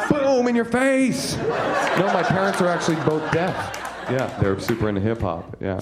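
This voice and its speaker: A man doing stand-up crowd work on a comedy club stage, brash and laughing at his own jokes, throwing in lively voices for the people he quotes. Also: medium pitch, very noisy.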